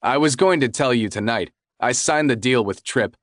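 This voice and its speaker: A man reading as an excited husband hoping to be a father again in an audiobook, speaking eagerly. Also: mid-range voice, normal speed, no echo, studio quality, natural voice.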